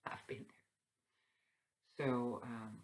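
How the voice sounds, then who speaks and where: A woman hosting a spiritual talk that moves into a guided meditation, speaking softly and meandering, with light laughs. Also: very deep voice, steady tone, rough recording. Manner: soft, slow and meandering, with frequent fillers and light laughs. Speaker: spiritual channel host. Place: seated indoors.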